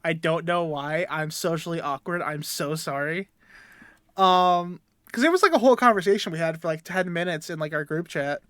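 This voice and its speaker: A man's voice: fairly high pitch, moderate pace, fairly bright tone, clear, resonant tone, no echo. A young man co-hosting a podcast, telling a rambling story about himself while laughing between sentences. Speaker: podcast co-host. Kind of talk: casual storytelling chat.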